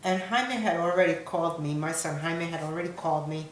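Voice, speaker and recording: A middle-aged woman, a soldier's mother, giving halting, emotional personal testimony in an interview. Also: fairly low pitch, a little hiss or hum. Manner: halting, searching for words, emotional. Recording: roomy echo.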